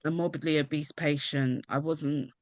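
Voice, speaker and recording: A woman author speaking at her own book launch on a video call, emotional and halting, laughing now and then. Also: low voice, fairly even intonation, no room sound. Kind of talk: casual video call chat.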